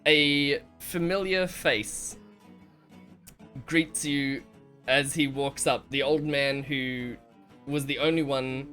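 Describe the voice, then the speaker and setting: A man guides his players through a tabletop adventure as game master, his narration slow and calm. His voice is bright and clear, with soft music playing behind him. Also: medium pitch. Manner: calm descriptive narration, chuckles often.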